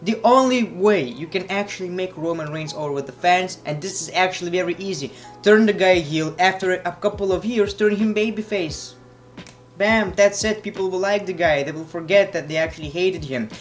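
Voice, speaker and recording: A man's voice: high voice, normal speed, faint music behind. A man reviewing wrestling in a blunt, sarcastic, profane way, casual vlog style.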